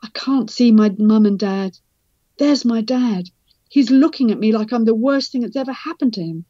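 Woman voicing a troubled young man, halting urgent telling, dry close sound, slightly dull lo-fi recording. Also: on the high side, mellow, dry recording, natural voice. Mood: anxious. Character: troubled young male patient.

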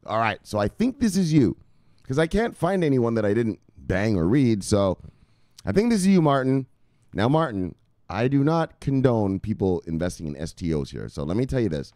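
A rowdy, swearing man hosts a crypto show, reading viewers' comments aloud. His lowish voice leaps wildly, from loud yelped catchphrases down to quiet mumbles. The sound is dry and close, with no room echo. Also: big pitch swings, moderate pace. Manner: rowdy, swears freely, shouts bursts of catchphrases between low muttered asides. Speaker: crypto video host.

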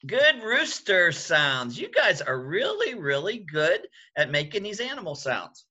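A man's voice: mid-range voice, big pitch swings, a little slow, hardly any pauses, bright, forceful tone, husky, lo-fi sound. An older man, a grandfather, reading a picture book aloud to young children, coaxing them to join in and making the animal sounds himself. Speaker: grandfather reading a bedtime story.

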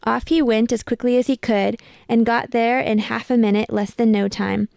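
A woman reads a picture book aloud in a measured, expressive way. Her voice is a little high, gravelly yet smooth, and recorded close and dry. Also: no echo. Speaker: storybook reader.

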